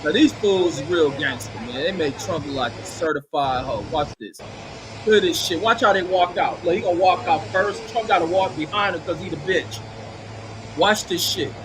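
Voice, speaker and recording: A man giving loud, mocking, profane commentary over news footage, scornful and quick to laugh. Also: a little high, noisy background.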